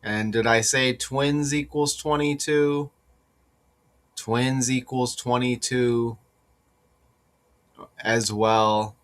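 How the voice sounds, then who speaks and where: A man giving casual solo commentary on sports number patterns, repeating his points with rhetorical asides and growing more insistent. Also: mid-range voice. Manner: slow, deliberate, rising to excited insistence.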